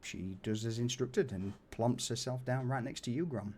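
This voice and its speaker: A man running a tabletop game as game master, narrating scenes in a relaxed, descriptive way with frequent fillers. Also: mid-range voice, normal speed, husky.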